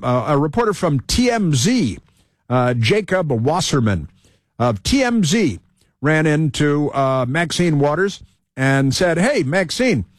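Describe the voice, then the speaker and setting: A man's voice: mid-range voice, dry recording. A man giving sarcastic political commentary, with mocking asides and frequent filler restarts.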